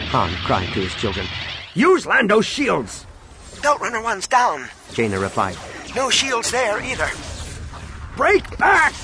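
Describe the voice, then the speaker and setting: A man reads a space-battle story aloud with lively, sweeping pitch and dramatic pacing. Cinematic music plays steadily under his narration. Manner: expressive storytelling with acted voices. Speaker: audiobook narrator.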